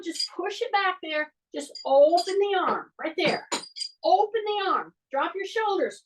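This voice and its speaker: A woman with a high voice leads an exercise class and talks through each move as she demonstrates it. She keeps repeating cues to breathe and drop the shoulders. She sounds a little distant from the microphone. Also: lively intonation, a little slow, slight background noise. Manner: coaching, repetitive breathing cues, demonstrating moves. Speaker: fitness instructor. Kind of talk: guided workout instruction.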